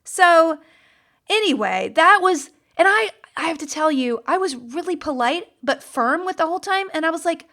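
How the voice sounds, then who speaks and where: A woman's voice: high voice, sing-song, a little fast, fairly bright tone. A woman hosting a podcast, telling a story in a chatty, casual monologue full of fillers and restarts. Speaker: podcast host.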